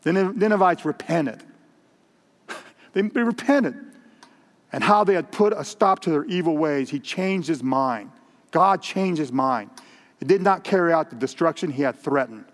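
A man's voice: a little high, expressive, unhurried. A man preaching a sermon in a conversational way, repeating words and asking the congregation questions. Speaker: pastor. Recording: long reverb in a hall.

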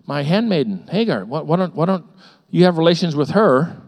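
A middle-aged male pastor delivering a sermon with a somewhat high voice. He tells personal stories in an animated way, repeating words and slipping into the voices of the people he describes. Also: brisk. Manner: animated storytelling with frequent repetitions and acted-out voices.

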